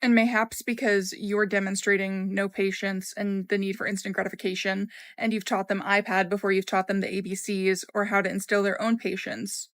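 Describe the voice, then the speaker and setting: A woman's voice: medium pitch, little pitch movement, normal speed, hardly any pauses, fairly bright tone, no echo, studio quality. A woman giving a wry, opinionated commentary in a casual tone.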